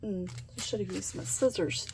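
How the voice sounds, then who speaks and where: A woman hosting a craft channel, chatting casually and gushing with excitement as she unboxes a package. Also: medium pitch, moderate pace, background noise. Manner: gushing, excited, gasps and laughs often.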